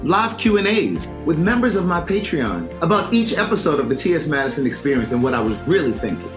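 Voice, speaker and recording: A man's voice: a little high, sing-song, a little fast, music in the background. A man hosting his own show, showy in intros and loosely chatty on a phone live stream from a backyard. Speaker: host. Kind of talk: scripted promo and casual live stream. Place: friend's house, backyard.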